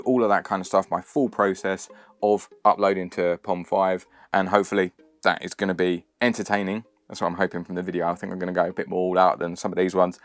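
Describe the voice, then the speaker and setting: A man hosting his own channel, talking to viewers in a chatty, rambling, self-deprecating way. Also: low-pitched. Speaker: channel host. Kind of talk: casual vlog talk to camera.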